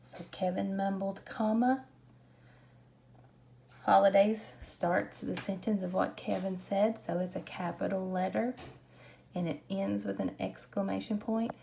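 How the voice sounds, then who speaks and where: Slow, patient woman teaching grammar. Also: mid-range voice, steady tone, creaky, dark tone, slight background noise. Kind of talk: grammar lesson.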